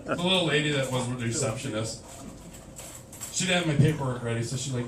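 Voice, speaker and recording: Quick and lively in his intonation, a medium-pitched man performs self-deprecating, crude comedy on a small club stage. A handheld camera out in the audience captured it, giving a noisy, roomy, distant camcorder sound over the crowd's laughter.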